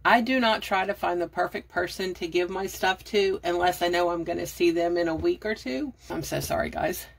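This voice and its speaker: A woman's voice: on the low side, normal speed, creaky, hardly any pauses. A middle-aged woman, out of breath, giving chatty, rambling decluttering tips to her phone camera. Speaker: budgeting and decluttering vlogger. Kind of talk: casual how-to talk to camera.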